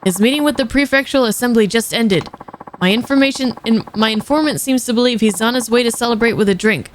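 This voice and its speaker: A woman streamer reading a formal, measured older male politician's game lines aloud. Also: a little high, slight background noise, natural voice.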